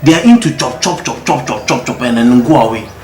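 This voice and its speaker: A man's voice: medium pitch, animated, fairly quick, darkish tone, close to an everyday voice. A man playing an easygoing father who consoles his son, repeating himself in a soothing, teasing way. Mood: reassuring. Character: easygoing middle-aged father, joking about women. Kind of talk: Ghanaian movie acting. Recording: echoey room with background music.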